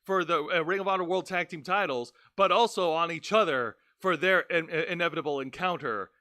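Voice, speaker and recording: A man hosting a casual wrestling review podcast, talking in an animated, jokey, rambling way. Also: on the high side, brisk, no room sound, studio quality. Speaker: podcast host.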